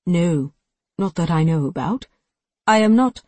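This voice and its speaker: A narrator voicing a calm, formal android science officer who insists he cannot lie, in a dry close recording for an audiobook. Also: mid-range voice, a little slow, no echo. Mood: measured.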